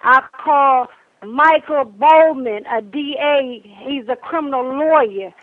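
An older woman, a grieving grandmother, makes an impassioned public complaint, speaking angrily and emphatically and repeating her points. Her high voice moves slowly over a tinny phone line.

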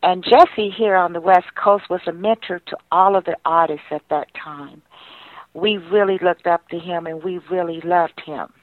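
A woman's voice: on the low side, normal speed, dry recording. An older woman, a singer and pianist, telling heartfelt, rambling stories from her past in a radio interview. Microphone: phone line. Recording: tinny dry phone line.

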